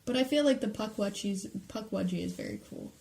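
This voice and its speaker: A woman's voice: medium pitch, animated, brisk, vocal fry, darkish tone, a little hiss or hum, rough recording. A woman co-hosting a podcast in casual chat, laughing often. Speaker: podcast co-host.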